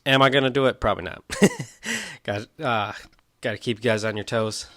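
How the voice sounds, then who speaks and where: A man's voice: mid-range voice, normal speed, a bit bright. A young man from Chicago chats alone into his podcast mic. His voice sits in an ordinary middle range, and the sound is dry and close with no room echo. He rambles from one thing to the next, loose and a little self-mocking. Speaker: podcast host. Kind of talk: casual solo podcast chat.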